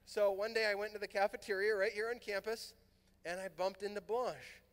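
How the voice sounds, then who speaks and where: A middle-aged man from Southern California telling a lively personal story at a youth conference, acting out the voices in his dialogue. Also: high-pitched, fairly quick. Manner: animated, acts out quoted dialogue. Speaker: priest and conference speaker. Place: large fieldhouse hall. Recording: long hall reverb.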